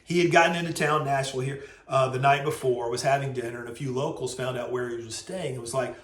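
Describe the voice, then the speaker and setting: A man hosting a weekly video, telling a story in a lively, casual way and acting out the voices. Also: mid-range voice, quick pace, hardly any pauses. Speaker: host. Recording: roomy echo.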